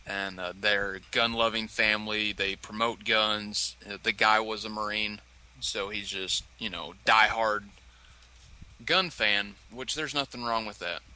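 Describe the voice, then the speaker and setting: A male co-host tells a loose, rambling story in a casual chat, with lots of filler words. His voice sounds very bright and sharp. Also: fairly low pitch, steady tone, unhurried, rough recording. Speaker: podcast co-host.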